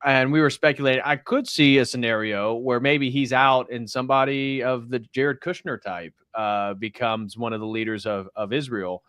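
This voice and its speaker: A man's voice: mid-range voice, fairly even intonation, moderate pace, hardly any pauses, fairly bright tone, clear, resonant tone, dry recording, clean studio sound. A man hosting a religious livestream, speaking steadily and reading viewer messages aloud. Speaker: host of a religious stream. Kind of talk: livestream talk and reading donations.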